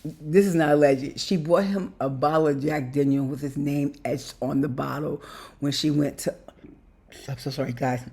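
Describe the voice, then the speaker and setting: A woman vlogger with a deep, creaky, mellow voice speaks at a moderate pace in a steady tone, addressing viewers directly as "you guys." Her personal vlog rambles emotionally, repeating itself and breaking into laughter mid-sentence. The sound is slightly rough.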